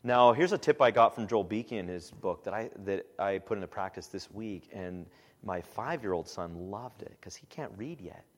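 Male pastor, lower voice, casual teaching talk, reverberant church hall sound. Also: moderate pace. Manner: relaxed and conversational, with frequent "um"s and animated quoted asides.

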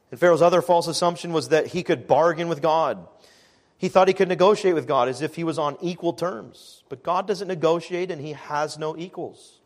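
A man preaching a sermon as pastor, measured and emphatic, slowing down to stress key phrases. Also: on the high side.

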